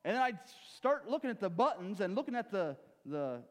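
A man preaching a sermon, swinging from loud urging to hushed low asides, with rhetorical questions and acted-out stories. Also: very animated, brisk, in a large hall.

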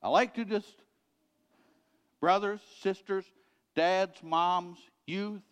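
A middle-aged male pastor preaching in a large hall, his slightly high voice carried by long reverb. He talks earnestly, repeating each point and dropping low and soft at the end of a thought. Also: fairly even intonation, takes it slowly, smooth. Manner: earnest, repetitive exhortation, dropping quiet at ends of points. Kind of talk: sermon.

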